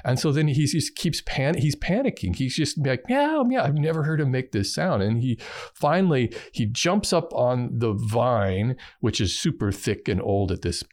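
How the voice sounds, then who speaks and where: A middle-aged man casually telling a funny story, jumping into a high voice whenever he acts out a quote. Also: normal speed. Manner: animated, jumps high to act out quotes.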